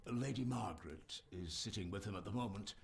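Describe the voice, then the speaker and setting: An actor playing a loyal, reserved old butler who speaks formally and deferentially in an adventure game. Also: male voice, lowish voice, fairly quick, gravelly, a little hiss or hum.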